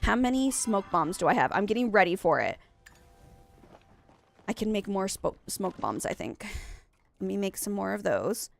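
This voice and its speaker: Soft background music plays as a stuffy-nosed young woman streams a game and rambles with her viewers, correcting herself often. Her mid-range voice swings widely in pitch, moves at normal speed, and carries vocal fry and long pauses.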